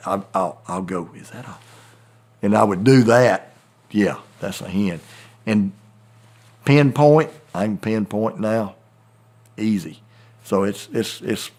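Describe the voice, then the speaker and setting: A middle-aged man with a Southern American accent spins a rambling, folksy yarn in easy conversation. His voice sits fairly low, and the talk feels loose and unhurried. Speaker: turkey hunting guide. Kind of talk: casual storytelling chat.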